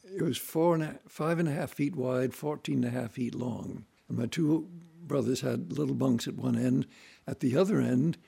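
A man telling family stories in a relaxed, folksy way, acting out voices and sounds as he goes. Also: mid-range voice, moderate pace, creaky, husky. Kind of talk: relaxed anecdotal storytelling.

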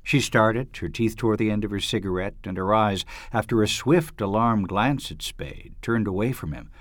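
A man reading a novel aloud in a dramatic, expressive narrating manner. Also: on the low side, normal speed, few pauses, dry recording, clean studio sound. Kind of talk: audiobook reading.

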